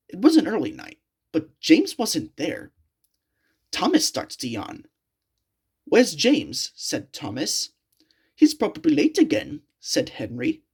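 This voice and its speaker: A woman reading a creepypasta story aloud in a slow, halting storytelling manner. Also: low voice, breathy edge.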